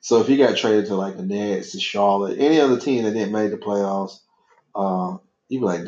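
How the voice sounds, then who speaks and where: A man's fairly low, slightly mellow voice moves at a moderate pace. He hosts a podcast alongside his son, chatting casually and rambling, quick to laugh. The recording has an echoey, dull lo-fi room quality.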